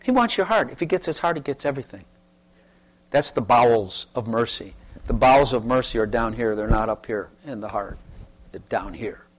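A man preaching to his congregation at a medium pitch. He presses his points by saying them over and over, leading a service and inviting people to testify. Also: lively intonation, brisk. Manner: repetitive, emphatic preaching. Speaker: pastor.

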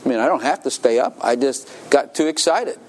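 Animated preaching pastor, a man. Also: mid-range voice, fairly quick. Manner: animated, laughing, calls for congregation responses. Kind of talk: sermon. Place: church.

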